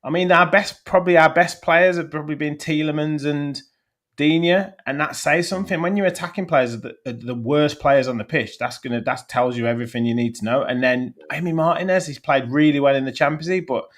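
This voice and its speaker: A man's voice: on the high side, fairly quick, fairly bright tone. A man, a guest fan on a football podcast, ranting bluntly about his team.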